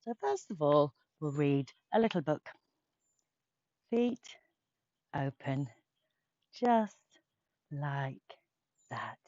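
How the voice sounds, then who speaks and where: A woman's voice: low-pitched, drawn-out words, pauses often, no room sound, muffled recording. Playful woman leading kids' yoga. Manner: playful, animated, sing-song for children. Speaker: kids yoga teacher. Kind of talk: children's yoga class with storytelling.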